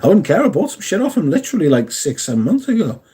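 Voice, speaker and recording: A man's voice: fairly high pitch, big pitch swings, fast talker, mellow, slightly rough. A man, hosting a casual livestream, chatting and swearing freely while answering viewers. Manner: sweary, chatty, reads viewer comments aloud. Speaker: livestream host.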